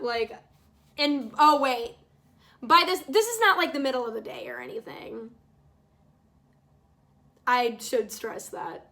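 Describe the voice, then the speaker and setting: A woman's voice: on the high side, unhurried, pauses often, bright, forceful tone. A young woman vlogger telling a story in casual talk, exasperated and swearing freely, acting out what people said. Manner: exasperated, swears freely, acts out quoted lines. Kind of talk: casual storytime while painting.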